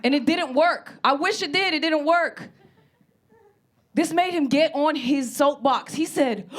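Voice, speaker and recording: A woman comedian with a high voice delivers a stand-up set. Her storytelling is brash and animated. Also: measured pace.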